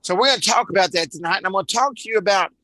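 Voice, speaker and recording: A man's voice: sits high, rapid-fire, sharp tone, no room sound, rough recording. A man from Dallas with a Texan accent, leading a live online sales training in a rambling way, full of repeated words and uhs. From Dallas, Texas.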